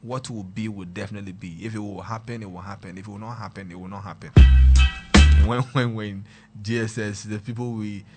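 A young man with a Ghanaian accent, casually telling a personal story, mixing pidgin and local words and swinging between loud and quiet. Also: fairly low pitch, fairly even intonation, brisk, over loud music.

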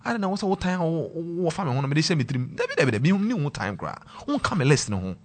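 A man's voice: fairly high pitch, big pitch swings, quick pace. A Ghanaian man presenting a talk show, sharing a passionate personal testimony and mixing English and Twi. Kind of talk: emotional personal testimony to viewers.

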